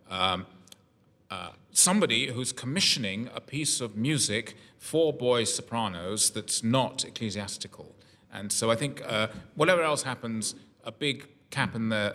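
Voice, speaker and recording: Male panel host, bright tone, wordy and articulate with many restarts, long reverb. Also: mid-range voice. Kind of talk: radio arts discussion.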